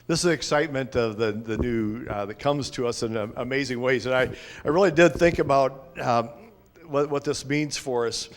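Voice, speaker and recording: Chatty, halting man pastor. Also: mid-range voice. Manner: chatty, halting, with frequent restarts and "uh". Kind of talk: informal sermon with congregation sharing. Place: church sanctuary.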